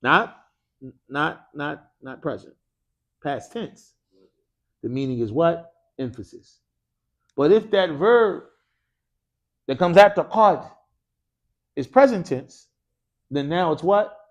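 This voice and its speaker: Man, energetic grammar teacher in a mosque classroom, slightly high voice, quizzing call-and-response style, casual slang. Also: slow pace, long pauses. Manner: energetic, quizzes students with frequent "what?" prompts. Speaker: Arabic teacher.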